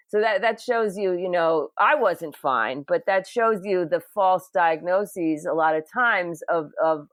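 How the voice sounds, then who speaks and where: An older woman, a nurse-midwife guest, telling a personal story in a conversational interview, animated and laughing, with frequent restarts and fillers. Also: on the low side, no room sound.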